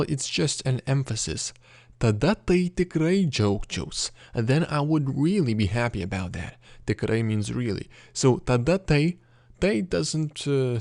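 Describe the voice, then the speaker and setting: Lithuanian guy teaching grammar, lots of uh's, clears his throat, mid pitch, dry sound. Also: darkish tone, no room sound. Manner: patient, explanatory, with frequent uh fillers and throat clearing. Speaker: language teacher. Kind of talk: explaining a text in a language lesson.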